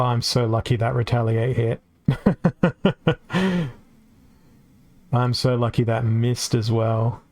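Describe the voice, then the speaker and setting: An Australian-accented man with a mid-range, somewhat dark voice provides casual live-stream commentary on a card game. He chats and reacts out loud as the game unfolds.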